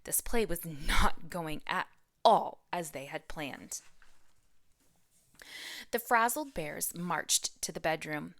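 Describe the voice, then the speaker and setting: A woman who is a teacher, reading a children's picture book aloud with expressive storytelling. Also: low voice, slow pace, long pauses, no echo, clean studio sound.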